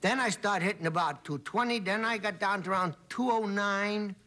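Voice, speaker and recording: A man's voice: sits high, moderate pace, bright, forceful tone. A man from Brooklyn, a comedian guest telling rambling anecdotes on a talk show. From Brooklyn, New York. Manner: rambling storyteller, acts out voices.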